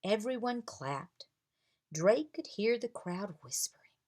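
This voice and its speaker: A woman reading a children's chapter book aloud with expressive storytelling. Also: mid-range voice, slow pace. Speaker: reader.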